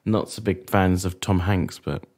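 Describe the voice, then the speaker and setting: A man co-hosting a podcast, chatting casually with deadpan, teasing jokes. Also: low-pitched, measured pace. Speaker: podcast co-host. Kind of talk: casual chat.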